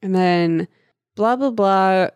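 A woman's voice: medium pitch, slow pace, a little mellow, clean tone, dry recording, clean studio sound. A woman in casual chat, breezily summarizing a plot and skipping ahead. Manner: breezy, skips ahead with "blah blah". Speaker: podcast co-host.

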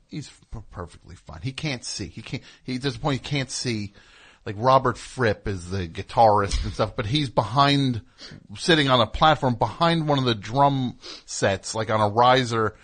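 A man's voice: medium pitch, fairly bright tone. A man from New Jersey hosting a radio show, telling a rambling anecdote and acting out what people said. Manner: rambling anecdote with acted-out quotes. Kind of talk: casual storytelling chat.

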